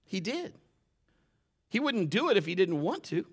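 A man preaching a sermon, often climbing louder and higher when he drives a point home. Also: big pitch swings, moderate pace, slightly rough. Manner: impassioned, rises sharply in pitch and volume when stressing points; admits getting emotional while preaching. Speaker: pastor.

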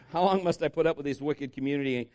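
A man preaching a sermon, telling jokes and stories and breaking into loud shouted impressions. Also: a little high, a little fast. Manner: animated, jokey storytelling with shouted impressions. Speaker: pastor.

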